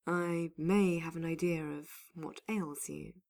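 A woman voicing a calm, secretive male mage who speaks softly, low and measured. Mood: calm, guarded.

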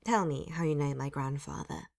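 A woman's voice: low-pitched, normal speed, vocal fry, darkish tone. A woman voicing a stern, unimpressed young governess who questions in a clipped, demanding way. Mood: grim.

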